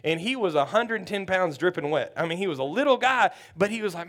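Man, pastor, sermon, storytelling, high voice, animated. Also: quick pace, hardly any pauses. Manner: animated storytelling, acts out quotes.

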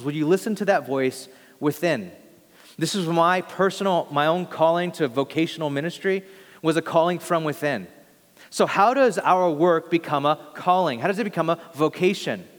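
A young pastor preaches with an earnest, conversational manner, now and then stumbling and restarting a phrase. His voice sits somewhat high for a man. The sound carries a long reverb, as if from a big hall. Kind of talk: sermon.

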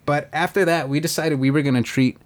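A man's voice: a little high, brisk. A man co-hosting a podcast, telling trip stories casually with lots of swearing, and acting out what other people said. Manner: profane, animated, acts out quotes. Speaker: podcast co-host. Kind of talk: casual storytelling chat.

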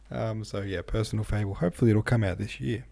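A man hosts his own podcast in a loose, meandering chat, stopping and restarting his sentences often. His voice sits fairly low with a gravelly edge. The tone is husky and mellow. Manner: rambling and hesitant, many fillers and restarts. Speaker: podcast host and novelist. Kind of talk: casual solo podcast chat.

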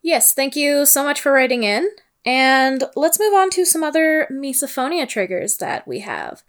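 A woman's voice: sits high, very animated, moderate pace, fairly bright tone. A woman from Ontario co-hosting a podcast, chatting in an easygoing, agreeable way. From Ontario, Canada. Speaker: podcast co-host. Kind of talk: casual podcast chat.

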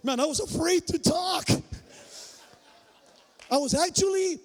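Male pastor, very high voice, lively storytelling sermon with shouted peaks, reverberant church hall. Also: measured pace. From Mexican-American migrant family. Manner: animated, acts out dialogue, shouts for emphasis. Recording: long reverb of a large hall.

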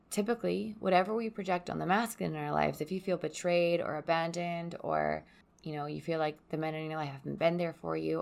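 A young woman hosting a podcast from home, speaking softly in a reflective, confessional solo monologue. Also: fairly low pitch, creaky. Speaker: podcast host. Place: at home by a window onto a yard.

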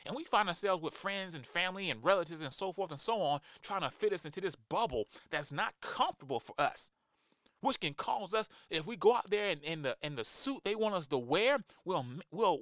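Impassioned preacher guy, kinda high voice, dead dry sound. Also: lively intonation, moderate pace, fairly bright tone, dry recording. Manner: impassioned, emphatic, acts out quoted voices. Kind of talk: sermon.

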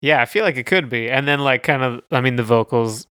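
Bright, smooth-voiced man chatting. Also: medium pitch, a little fast, dry recording, studio quality. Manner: hesitant, searching for words. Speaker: podcast co-host reviewing music. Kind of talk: casual chat.

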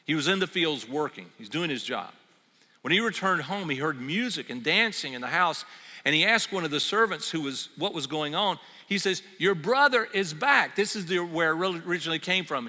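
A middle-aged man preaching a sermon as pastor, telling a story in an animated way and acting out its voices. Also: fairly high pitch, brisk. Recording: long reverb of a hall.

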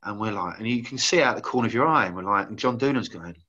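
Bright-voiced man rambling through old stories. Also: lowish voice, lively intonation, fast, slightly rough, highs cut off. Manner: rambling, many "you know" fillers. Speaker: former footballer guest. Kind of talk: casual anecdote-telling.

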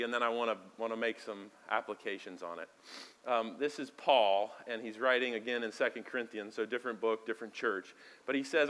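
A man preaching a sermon as pastor, talking conversationally and moving between quiet asides and loud, emphatic lines. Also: mid-range voice. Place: church sanctuary.

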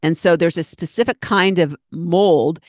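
A woman's voice: fairly low pitch, measured pace, darkish tone, no room sound, clean studio sound. A middle-aged woman hosting her own podcast, talking in a chatty, rambling, earnest way and acting out her own thoughts. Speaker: podcast host. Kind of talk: casual solo podcast talk.

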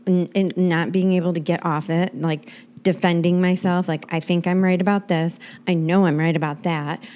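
A woman co-hosting a podcast in casual chat, energetic, blunt and jokey. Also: fairly low pitch, normal speed. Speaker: podcast co-host.

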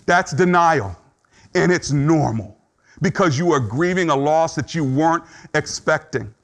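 A man's voice: on the high side, animated, measured pace, a bit bright. A middle-aged man preaching a sermon in an earnest, conversational way, acting out short quotes as he teaches. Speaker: pastor.

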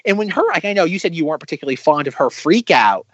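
Guy on a movie podcast, voice bouncing all over, a bit higher, dry dull-ish sound. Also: rapid-fire, slightly rough, dry recording. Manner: animated, many "like" fillers. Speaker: podcast co-host. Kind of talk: casual film discussion.

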